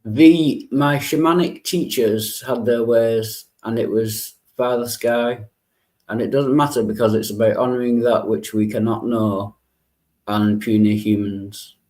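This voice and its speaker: A man's voice: mid-range voice, fairly even intonation, unhurried, a little mellow. A man hosting a livestream in casual chat, joking, laughing often and swearing. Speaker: livestream host.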